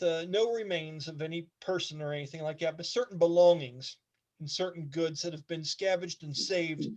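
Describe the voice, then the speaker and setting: A man's voice: high-pitched, a little mellow. A man narrating as game master in a casual, rambling way, swearing now and then.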